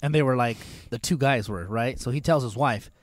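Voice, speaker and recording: A young man on a casual talk show, telling stories in an animated way and acting out the voices of people in them. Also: brisk, no echo, clean studio sound. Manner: animated storyteller, acts out quoted voices in higher pitch. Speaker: co-host. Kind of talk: casual chat.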